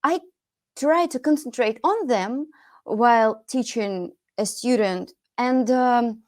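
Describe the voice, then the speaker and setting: Slow-spoken woman with a Russian accent. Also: a little high. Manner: hesitant, many fillers while searching for words. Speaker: podcast host and English teacher. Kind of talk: podcast conversation.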